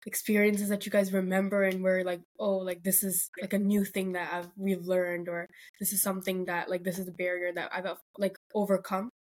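A woman's voice: medium pitch, flat delivery, fairly quick, hardly any pauses. A young woman co-hosting a podcast, chatty and full of fillers. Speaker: co-host. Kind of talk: casual podcast conversation.

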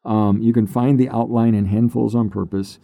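An older man, a pastor, telling his personal testimony in an unhurried, halting way that turns emotional at times. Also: on the low side, fairly even intonation, creaky, mellow, no echo, clean studio sound. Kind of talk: personal testimony, conversational storytelling.

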